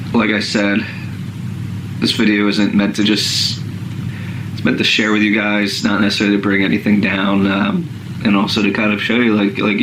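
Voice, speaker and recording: A man talking to his viewers in a hesitant way, with many fillers. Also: fairly low pitch. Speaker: vlogger. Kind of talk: casual talk to camera. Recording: roomy clip with vehicle noise.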